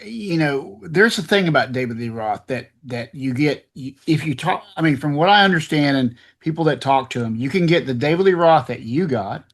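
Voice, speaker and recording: A man's voice: a little high, expressive, moderate pace, few pauses, fairly bright tone. A man hosting an interview, chatting casually and affirming his guest. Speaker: podcast host.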